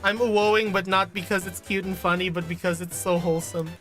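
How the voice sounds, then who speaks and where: A woman streaming a video game, chatting casually and reading the game text aloud in an animated, gushing way, swearing now and then. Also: lowish voice, brisk, faint music behind.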